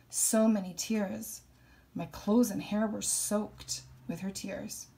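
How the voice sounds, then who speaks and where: Woman reading a book aloud for class, slow, stops to explain stuff. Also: mid-range voice, creaky, a little mellow. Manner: thoughtful, explains the story between passages. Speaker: teacher reading a novel aloud. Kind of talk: reading a novel aloud with commentary.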